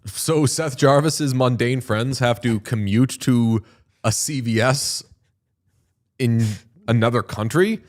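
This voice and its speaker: A man co-hosting a casual podcast, trading quick teasing banter. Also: mid-range voice. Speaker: podcast co-host. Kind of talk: casual chat.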